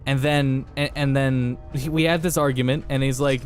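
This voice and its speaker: A man's voice: mid-range voice, steady tone, normal speed, faint music behind. A young man casually telling a rambling story while playing a game, with many fillers and restarts. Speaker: podcast host playing a game.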